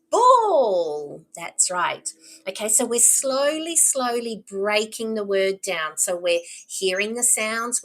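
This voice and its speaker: A woman explaining early reading skills to parents, patient and encouraging, slowly modelling words and sounds. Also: medium pitch, low-quality recording. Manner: encouraging, teacherly. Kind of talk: instructional talk to parents.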